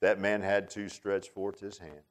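Here a male preacher speaks in a low-pitched voice at a measured pace. His sermon is animated and informal, full of repeated words and humorous asides to the congregation.

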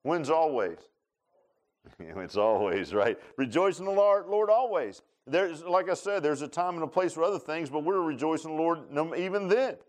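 A man's voice: a little high, normal speed. A man preaching a folksy sermon, joking with his congregation and calling on people by name. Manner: folksy, animated, laughing, talks to congregation by name. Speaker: pastor. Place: church sanctuary.

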